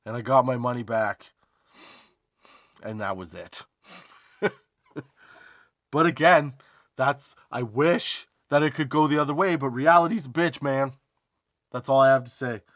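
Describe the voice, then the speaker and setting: A man hosting a comedy podcast, telling a story as a profane, emphatic rant, drawn-out emphasis and rhetorical asides like "okay?". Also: medium pitch, fairly bright tone, no room sound, studio quality. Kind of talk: comedic ranting monologue.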